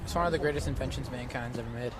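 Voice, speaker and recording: A man calling a high school baseball game play by play, chatty and self-joking, his voice rising with the plays. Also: very fast. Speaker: play-by-play announcer. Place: outdoors at a ballfield. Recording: outdoor noise with passing traffic.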